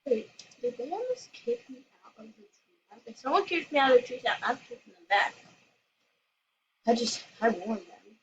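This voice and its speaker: Excitable high-voiced woman gaming. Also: normal speed. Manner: excitable, squealing and laughing. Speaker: gaming channel host. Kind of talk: casual game commentary. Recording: lo-fi with noisy background.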